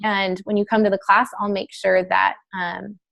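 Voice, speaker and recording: A woman's voice: mid-range voice, flat delivery, moderate pace, gravelly, a bit bright. Chatty woman coaching a class. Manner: chatty, filler-heavy, breaks into role-play quotes. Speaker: wellness sales trainer. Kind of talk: casual instructional talk.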